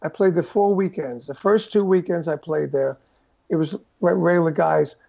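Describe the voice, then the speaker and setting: An older man, telling animated stories in a casual interview and acting out the voices of the people in them. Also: a little high, moderate pace, vocal fry, highs cut off. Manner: animated storyteller who acts out quoted voices. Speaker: guest drummer telling stories.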